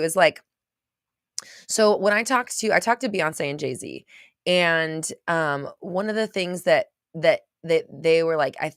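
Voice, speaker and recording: A woman's voice: lowish voice, fairly bright tone, no echo, studio quality. A woman host talking casually to a live chat, rambling with many restarts and at times getting choked up. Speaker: podcast host.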